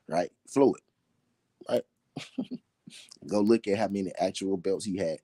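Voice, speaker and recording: Man, deep voice, emphatic repetition, casual live talk, dry close sound. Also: a little slow, pauses often, dark tone, dry recording. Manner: repetitive, emphatic, laughing between points. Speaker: boxing talk show host.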